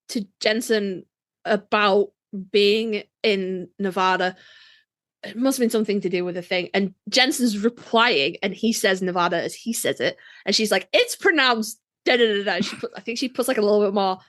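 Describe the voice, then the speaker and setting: A woman's voice: medium pitch, a bit bright, no echo, clean studio sound. A woman co-hosting a fan podcast, chatting casually and bluntly, swearing freely. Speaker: podcast co-host.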